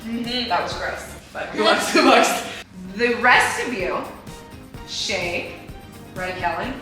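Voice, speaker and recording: Homeschool mom, bright-ish voice, teary and gushing; echoey room, music under. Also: female voice, on the high side, takes it slowly. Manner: gushing, emotional, laughing often. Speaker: homeschooling mom and vlog host. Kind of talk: casual family vlog.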